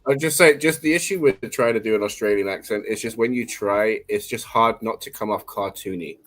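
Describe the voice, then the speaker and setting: A man's voice: fairly low pitch, fairly quick, fairly bright tone, low-quality recording. A man chatting casually as a panelist on a live stream.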